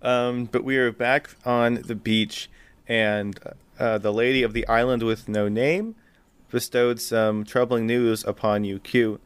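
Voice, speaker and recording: A man's voice: medium pitch, level tone, unhurried, clear, resonant tone, no echo. A young man narrating a tabletop role-playing game as game master, laughing often and talking with many fillers.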